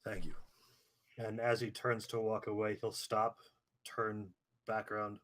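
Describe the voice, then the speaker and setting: Quiet, measured man at a game table. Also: lowish voice, monotone. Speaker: player.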